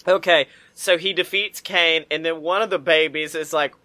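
A man's voice: a little high, moderate pace. A man co-hosting a podcast, casually recapping a movie with crude jokes and frequent laughter. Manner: crude, laughing, animated storytelling. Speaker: podcast co-host. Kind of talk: casual movie review chat.

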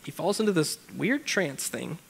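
A man's voice: fairly high pitch, sing-song, normal speed, vocal fry, slight background noise. A young man preaching a casual sermon, reading scripture aloud and breaking off into chatty, joking asides. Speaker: pastor.

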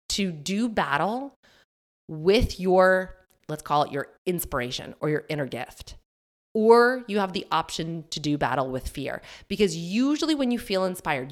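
Low-voiced chatty woman podcaster. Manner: animated, acts out her own inner voice in quotes; chatty, with fillers and laughs. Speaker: podcast host and business coach. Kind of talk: solo podcast talk.

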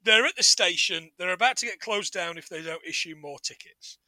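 A man co-hosting a casual podcast, recapping a TV show in an animated way, laughing often and swearing freely. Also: high voice, brisk, no room sound. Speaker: podcast co-host.

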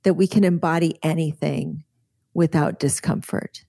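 A woman with a lowish, mellow voice tells a story in an earnest, vivid way, circling back on her words as she goes. The sound is close and dry, with no room around it. She speaks as a guest physician on an interview show. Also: fairly even intonation, normal speed, creaky, dry recording. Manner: earnest, vivid, with frequent restarts.

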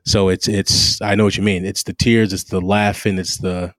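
A man's voice: low-pitched, flat delivery, no echo, clean studio sound. A man co-hosting a casual gaming chat, talking with eager emphasis and frequent restarts. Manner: enthusiastic, drawn-out emphasis, many restarts. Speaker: podcast co-host. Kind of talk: casual chat about video games.

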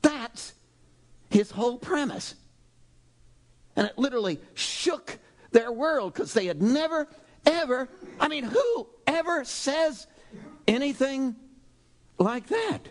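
A man preaching a sermon in an animated, dramatic way, now and then breaking into loud exhortations. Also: very high voice, takes it slowly, long pauses. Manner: animated, dramatic, shifts into shouted exhortations and acted quotes. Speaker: pastor.

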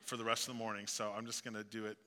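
A man's voice: on the low side, level tone, racing, sharp tone. A male pastor with a Southeast Missouri accent, preaching a sermon in a conversational way with joking asides. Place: church sanctuary. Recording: long hall reverb.

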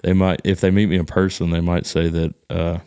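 A man's voice: deep voice, level tone, fairly quick, darkish tone, clear, resonant tone, no room sound, studio quality. A man from Texas with a Texan accent, hosting a casual podcast chat and joking around. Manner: joking, mimics voices in quotes. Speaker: podcast host.

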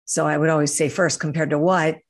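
A woman hosting a reflective podcast, talking in a calm, earnest way and gently coaching listeners. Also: low-pitched, brisk. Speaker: podcast host. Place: outdoors, hears birds and breeze.

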